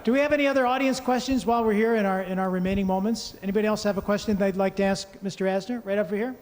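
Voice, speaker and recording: A man moderating a panel, brisk and chatty as he takes audience questions. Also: high-pitched, steady tone, darkish tone. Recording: echoey hall.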